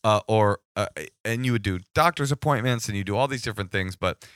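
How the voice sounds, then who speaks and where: Bright-voiced man telling animated stories. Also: on the low side, brisk, no room sound, studio quality. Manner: animated, acts out callers with sudden shouted bursts. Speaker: guest storyteller. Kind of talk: casual storytelling chat.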